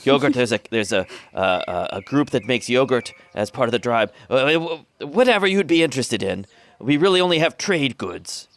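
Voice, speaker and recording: A man voicing a female orc cattle herder who speaks formally and rambles, with hesitant pauses. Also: mid-range voice, expressive, a bit bright. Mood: condescending, persuasive.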